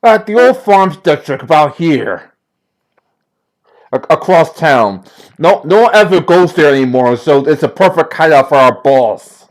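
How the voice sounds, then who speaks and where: A man's voice: on the high side, animated, a little slow. A man voicing a cornered young male street gang thug who talks whiny, defiant and uneducated. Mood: scared.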